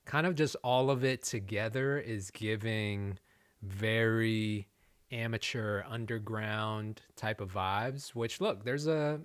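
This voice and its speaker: A man's voice: lowish voice, slow, clean tone, no echo. A man hosting a live music review stream, talking casually and frankly, laughing easily and addressing his chat. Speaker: host reviewing submitted music.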